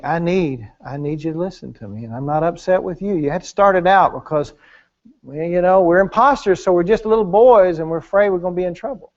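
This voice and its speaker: A man preaching at a marriage conference during a church service, animated and acting out the voices in his stories. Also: on the high side, lo-fi sound. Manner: animated, acts out quoted voices. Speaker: pastor.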